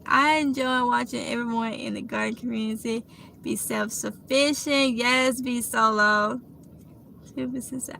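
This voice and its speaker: Bright-voiced Mississippi woman, chatty. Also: fairly high pitch, gravelly, a little hiss or hum. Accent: Mississippi Southern US. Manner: chatty, affectionate, calls viewers honey. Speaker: vlogger hosting a live Q&A. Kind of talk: casual live-stream chat reading comments.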